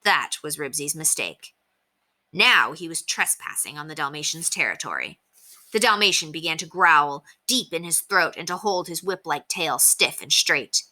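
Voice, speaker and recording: A woman teacher reading a children's chapter book aloud in an expressive storytelling manner. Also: deep voice, moderate pace.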